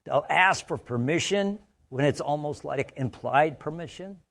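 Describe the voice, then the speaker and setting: A man's voice: fairly high pitch, lively intonation, measured pace, creaky, a bit bright. A man from the United States giving a conversational training talk, full of stories and frequent "right?" checks. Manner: anecdotal, conversational, asks "right?" often. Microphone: studio mic.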